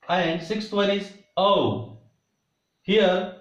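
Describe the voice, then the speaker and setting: A man with an Indian English accent teaching English vowel sounds, deliberately repeating each example word. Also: sits high. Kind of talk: slow explanatory lesson. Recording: roomy, dull lo-fi sound.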